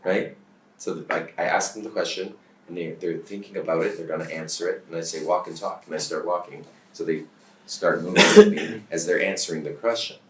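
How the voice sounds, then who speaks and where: A man's voice: sits low, steady tone, fairly quick, a crowd in the background. A man coaching a bootcamp group in a loose, chatty way, often checking in with the group. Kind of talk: teaching a bootcamp session. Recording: distant mic in an echoey room.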